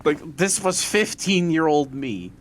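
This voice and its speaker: A man's voice: on the high side, expressive, a little slow, slight background noise. A Dutch man, native Dutch speaker, ranting and telling stories in casual podcast chat, swearing freely. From Netherlands. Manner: profane, ranting storyteller. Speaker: podcast host.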